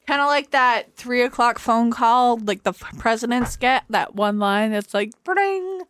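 A woman's voice: a little high, steady tone, moderate pace, fairly bright tone, clear, resonant tone, no room sound. A woman co-hosting a casual podcast chat, asking curious questions and making joking comparisons. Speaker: podcast co-host.

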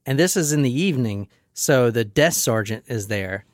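A man's voice: medium pitch, expressive, no room sound, clean studio sound. A man hosting a comedic podcast, joking crudely and reading a case aloud. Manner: crude joking, quick narrating. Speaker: podcast host.

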